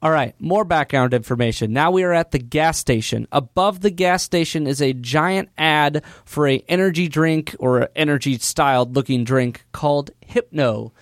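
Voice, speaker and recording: A man on a podcast casually recapping a movie's plot, telling it loosely with fillers and quick impressions. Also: fairly high pitch, no echo, studio quality. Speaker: podcast co-host.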